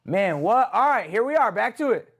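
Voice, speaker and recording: A man's voice: sits high, very animated, moderate pace. A man hosting a live music review stream, giving blunt, casual critiques in slang and talking to his chat. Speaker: music review livestream host.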